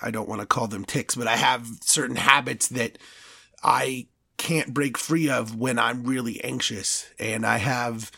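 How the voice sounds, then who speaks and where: A man behind a studio podcast mic, ranting on his own with real heat. His voice sits in a middle pitch, and the sound is dry and close, with no room around it. He stammers and restarts when he gets worked up. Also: steady tone, unhurried, creaky, sharp tone, husky, dry recording. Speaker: podcast host. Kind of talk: solo podcast rant.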